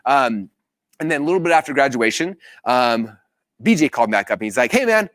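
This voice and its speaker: A man's voice: medium pitch, animated, brisk, fairly bright tone, dry recording. A man in his thirties giving a live business training, telling stories energetically and acting out the dialogue. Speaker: business coach.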